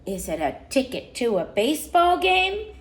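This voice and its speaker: A worried storybook mother, as a woman reads her frets and exclaims over her child. The voice is fairly high. Echo from a roomy space surrounds it. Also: sing-song, normal speed. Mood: fretting. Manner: fretful, exclaiming.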